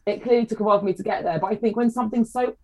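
A woman, a food writer chatting on a podcast and telling family stories in a lively way. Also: on the high side, rapid-fire, low-quality recording. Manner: chatty storyteller, animated quoting. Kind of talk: casual chat.

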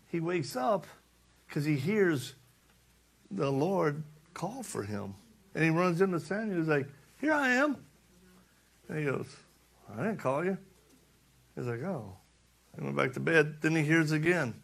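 A man's voice: fairly high pitch, gravelly, pushed and bright. A man preaching a casual sermon, folksy and joking, acting out the dialogue of the story.

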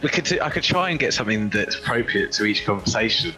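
A man's voice: on the low side, lively intonation, fast, pushed and bright, soft background music, low-quality recording. A man co-hosting a podcast in casual chat, talking enthusiastically and often restarting his sentences. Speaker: podcast co-host.

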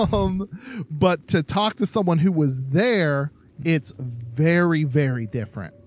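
A man's voice: on the high side, lively intonation, slow pace. A man co-hosting a podcast, speaking in a hesitant casual way with frequent ums and uhs. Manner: hesitant, many "um" and "uh". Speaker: podcast co-host.

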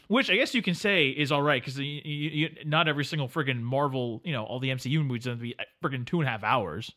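A man's voice: medium pitch, bright, forceful tone. A man co-hosting a podcast, chatting casually in a joking, rambling way full of fillers. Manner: joking, rambling, quick talk with many fillers. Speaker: podcast co-host. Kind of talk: casual chat.

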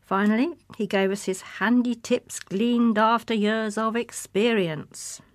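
A woman's voice: on the high side, fairly even intonation, measured pace, no room sound. A woman reading a humorous personal essay aloud in a wry, self-mocking manner. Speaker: essay reader.

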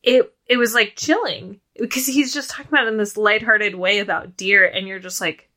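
A woman co-hosting a podcast, chatting casually about a film, with lots of "like" and quick restarts. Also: mid-range voice, sharp tone. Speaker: podcast co-host.

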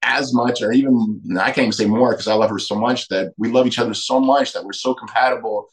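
A man's voice: medium pitch, steady tone, brisk, poor audio. A middle-aged man, a podcast guest, telling candid personal stories emphatically and acting out quoted dialogue. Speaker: podcast guest, retired fighter.

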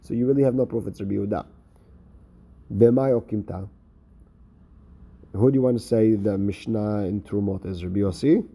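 A man teaching a Talmud lesson. He reads the text quickly, then explains it in English with many hesitant fillers and restarts. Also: lowish voice, steady tone, mellow, slightly rough. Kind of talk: Talmud lesson, reading and translating.

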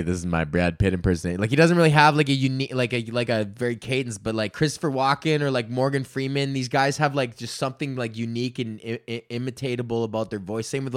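A man's voice: medium pitch, steady tone, a little fast, few pauses, no room sound, studio quality. A man in his thirties hosting a solo podcast, ranting loosely with lots of swearing and filler words. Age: 30s. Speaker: podcast host.

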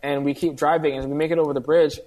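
A man's voice: on the high side, flat delivery, fast talker, a little mellow. A man telling a long personal story in casual conversation, earnestly acting out the dialogue of the people in it. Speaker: guest.

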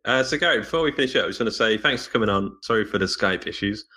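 A male podcast co-host with a lowish voice that has a bright, forward edge. He talks casually and with friendly thanks, then fires off quick questions. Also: expressive. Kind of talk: casual interview chat.

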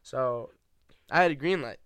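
A young man hosting a podcast, chatting casually and telling an animated story, swearing freely and acting out other people's voices. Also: mid-range voice, a little slow, clean tone, dry recording. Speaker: podcast host. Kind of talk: casual chat.

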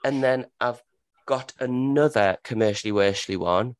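A man co-hosting a podcast in casual, excitable chat and swearing freely. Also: mid-range voice, moderate pace, no echo. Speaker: podcast co-host.

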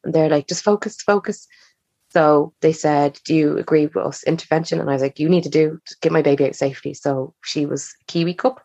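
Low-voiced woman telling a personal story. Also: little pitch movement, brisk, hardly any pauses, dark tone, no echo. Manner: chatty, acts out quoted dialogue. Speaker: podcast guest. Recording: slightly dull, muffled recording.

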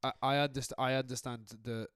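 A man's voice: mid-range voice, fairly even intonation, a little fast, fairly bright tone, smooth, no room sound, clean studio sound. Rambling young man on football. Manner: rambling, joking, restarts. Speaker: podcast co-host. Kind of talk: casual football chat.

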